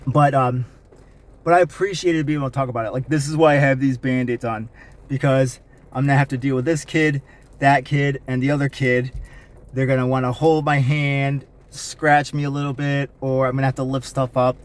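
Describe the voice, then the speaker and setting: A man's voice: medium pitch, steady tone, moderate pace. Man rambling candidly in a vlog. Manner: rambling, candid, frequent fillers and restarts. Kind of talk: casual personal vlog. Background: faint rain.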